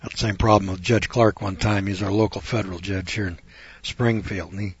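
A man's voice: fairly low pitch, steady tone, brisk, breathy edge. A middle-aged man, a lawyer, giving a folksy, sarcastic lecture on Bible passages and spinning courtroom stories as he goes. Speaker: lawyer teaching scripture. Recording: dull lo-fi recording.

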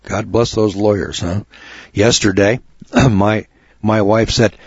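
Folksy low-voiced radio host, husky. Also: male voice, steady tone, slow, dry recording, muffled recording. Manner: plainspoken, repeats words, gets worked up. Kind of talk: folksy storytelling monologue.

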